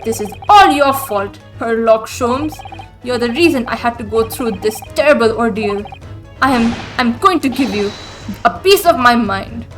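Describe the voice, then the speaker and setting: A woman voicing an excitable, nervous young man studying abroad, who gushes in tongue-twisting alliteration. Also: extremely high pitch, moderate pace, soft background music. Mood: indignant. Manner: flustered, alliterative gushing.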